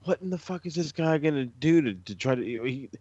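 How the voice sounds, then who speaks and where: A man's voice: on the high side, a little fast, dry recording. Profane male co-host, riled-up rants, dry dull sound. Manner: profane, ranting, animated. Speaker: podcast co-host. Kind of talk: casual wrestling chat.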